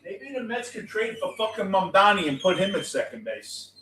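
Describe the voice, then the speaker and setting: A middle-aged man with a New York accent ranting as a postgame show host, cursing and swinging between yelling and muttering. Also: high-pitched, big pitch swings, moderate pace, slight background noise. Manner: profane, swings from shouting to muttering. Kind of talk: ranting fan commentary.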